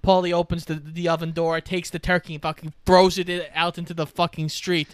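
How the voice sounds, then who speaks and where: A man co-hosting a casual movie recap, retelling scenes in a relaxed way with casual swearing. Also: a little high, fairly quick, clear, resonant tone, no room sound. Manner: relaxed storytelling, quotes characters, casual swearing. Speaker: podcast co-host.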